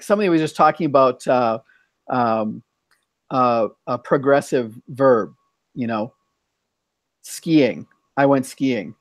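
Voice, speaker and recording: A man's voice: medium pitch, dry recording. A man hosting a casual bilingual chat, rambling and thinking aloud as he talks. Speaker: host.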